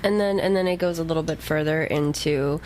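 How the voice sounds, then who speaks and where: Low-voiced woman co-hosting a book podcast. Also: fairly quick, darkish tone, slight background noise. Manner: chatty, sarcastic asides, laughs often. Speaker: podcast co-host. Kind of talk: casual book-club chat.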